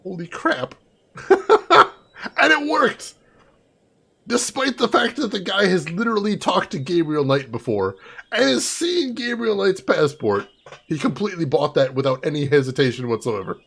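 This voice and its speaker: A man's voice: sits high, very animated, moderate pace, creaky, fairly bright tone, slightly rough. A man commentating a video game playthrough, sarcastic and amused, talking to his chat. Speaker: game streamer. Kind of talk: let's play commentary.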